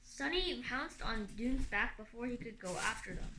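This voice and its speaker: A woman's voice: fairly high pitch, expressive, moderate pace. A woman reading a fantasy novel aloud expressively, with occasional slips and restarts. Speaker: audiobook reader. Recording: echoey room, faint hum.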